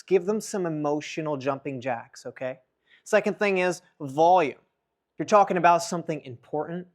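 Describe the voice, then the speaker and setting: A man coaching public speaking in an energetic workshop lesson, swinging between loud and soft to demonstrate. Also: a little high, moderate pace.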